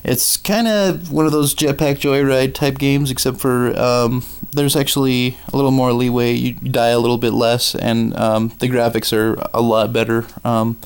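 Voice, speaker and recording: A man with a Minnesota accent giving a casual game review with commentary, halting often with ums and uhs. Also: mid-range voice, steady tone, clear, resonant tone.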